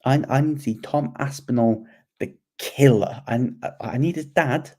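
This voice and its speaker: Mellow-voiced man rambling about fights. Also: mid-range voice, moderate pace. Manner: animated, rambling, repeats words. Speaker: podcast co-host. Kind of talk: casual sports chat.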